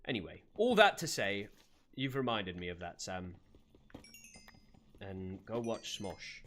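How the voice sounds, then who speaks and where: A man's voice: fairly low pitch, sing-song, takes it slowly, fairly bright tone, a little hiss or hum. A man on a live gaming stream, chatting in character with a put-on accent, greeting viewers by name and laughing often. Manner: puts on an accent for his character. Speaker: streamer playing a roleplay character.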